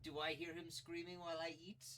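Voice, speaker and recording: A player role-playing their character over a video call, with playful deadpan quips. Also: medium pitch, fast talker.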